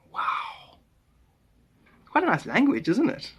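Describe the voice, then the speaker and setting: A man's voice: very high-pitched, huge pitch swings, slow, long pauses, fairly bright tone, breathy edge. A man chatting casually on a phone live stream, rambling, chuckling and answering viewers' comments, with playful attempts at German phrases.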